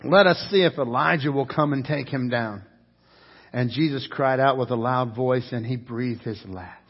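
A man's voice: medium pitch, normal speed, breathy edge, dull audio. A man preaching a sermon, passionate and emphatic, often repeating words as his intensity rises and falls. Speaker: pastor.

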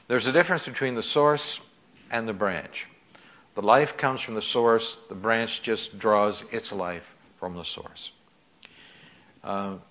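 A man's voice: on the low side, creaky, a bit bright. A man preaching a sermon in a conversational way, with frequent fillers and restarts. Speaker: pastor.

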